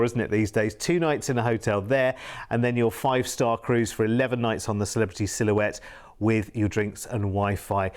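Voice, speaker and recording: Chatty British TV cruise salesman. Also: mid-range voice. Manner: chatty, upbeat, salesy with asides. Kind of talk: TV shopping sales pitch.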